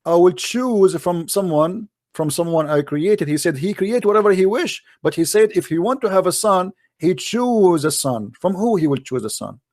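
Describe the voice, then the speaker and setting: A man's voice: sits high, lively intonation, moderate pace, hardly any pauses, a little mellow, no echo, studio quality. A man hosting a heated religious debate, arguing insistently in broken English. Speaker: host debating a caller.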